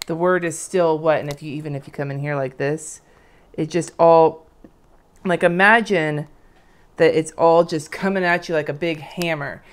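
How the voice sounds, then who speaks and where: A woman in her thirties casually teaching lettering on a live stream, chatty and rambling as she draws and explains. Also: low voice. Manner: chatty, rambling, demonstrates while drawing.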